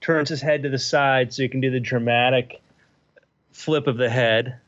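A man's voice: medium pitch, fairly even intonation, moderate pace, a bit bright, dry recording. A man narrating a comedic tabletop game as game master, with dry, offhand asides. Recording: dull, lo-fi podcast audio.

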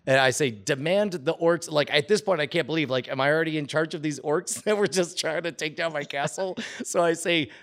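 A man's voice: fairly high pitch, brisk, few pauses. A man co-hosting a casual tech podcast, talking animatedly and laughing as he recounts a game. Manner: animated, laughing, reads game text aloud with rising excitement. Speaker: podcast co-host.

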